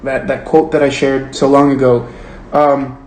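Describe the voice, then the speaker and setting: A man's voice: mid-range voice, flat delivery, measured pace, a little mellow. Earnest rambling man, roomy phone sound. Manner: rambling and earnest, heavy use of "like". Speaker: book club host. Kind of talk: casual livestream chat. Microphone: phone livestream. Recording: roomy with faint hiss.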